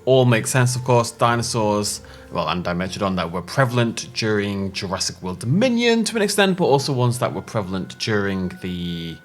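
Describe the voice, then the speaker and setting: A man's voice: fairly low pitch, big pitch swings, moderate pace, a little hiss or hum. A young man hosting a game playthrough, talking casually and chattily, laughing often and interrupting himself. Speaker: gaming channel host. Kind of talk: casual let's-play commentary.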